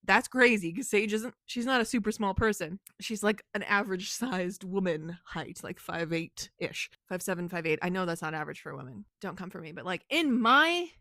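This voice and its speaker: A woman's voice: medium pitch, expressive, moderate pace, hardly any pauses, pushed and bright, no echo. A woman author chatting casually in a vlog about her writing, rambling with lots of "like", laughing often and swearing freely. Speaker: author and book vlogger.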